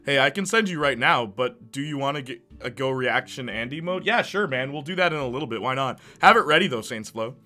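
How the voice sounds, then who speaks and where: A man's voice: medium pitch, lively intonation, a little fast, hardly any pauses, sharp tone, faint music behind. A man streaming and chatting casually with his viewers, joking and laughing often. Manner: jokey, laughs often, talks to chat. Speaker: live streamer. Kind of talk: casual live-stream chat.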